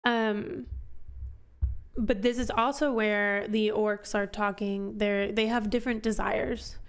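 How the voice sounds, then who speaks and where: A woman's voice: mid-range voice, smooth. A woman hosting a casual book club discussion, chatty and thinking aloud with many fillers and restarts.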